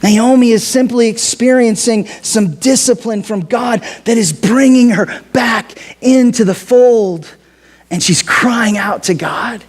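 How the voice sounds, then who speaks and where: High-voiced, unhurried male preacher. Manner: dramatic, acts out the Bible figures' words; conversational preaching with humor. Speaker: pastor. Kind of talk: sermon.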